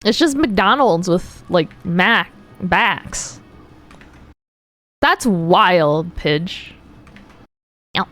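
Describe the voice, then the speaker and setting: A woman's voice: mid-range voice, big pitch swings, extremely slow, pauses often, soft background music. An American woman streaming, chatting casually with viewers, curious and playful, often laughing. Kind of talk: casual chat with viewers while drawing.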